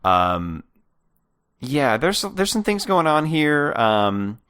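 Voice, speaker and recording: A man's voice: on the high side, sing-song, slow, a bit bright, smooth. A man co-hosting a podcast, talking casually with hesitant stops and many fillers. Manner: hesitant, many fillers and restarts, laughs mid-sentence. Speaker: podcast co-host. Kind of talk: casual chat.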